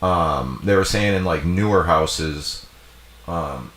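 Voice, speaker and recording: A man's voice: sits low, slow, fairly bright tone, slight background noise. A man from New England co-hosting a casual livestream chat, loose and rambling with lots of "like" and "um". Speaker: livestream co-host.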